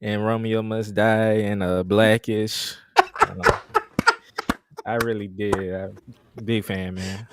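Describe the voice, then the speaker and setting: A man dropping into a livestream as a guest, chatting casually and making dry, deadpan jokes. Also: on the low side, takes it slowly, long pauses. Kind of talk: casual chat.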